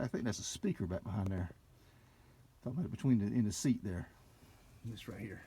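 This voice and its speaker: An older man, a car dealer, giving an excited, folksy walkaround and talking to viewers as folks, recorded on a handheld camera mic. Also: mid-range voice, a little fast, long pauses, slight background noise. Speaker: classic car dealer showing a car. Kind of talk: casual walkaround narration.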